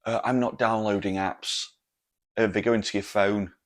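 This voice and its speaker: A man's voice: little pitch movement, moderate pace, close to an everyday voice. Man putting on a brash, paranoid bloke. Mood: suspicious. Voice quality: loud, higher, sweary. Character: paranoid boozy scruffy fortyish man, brash.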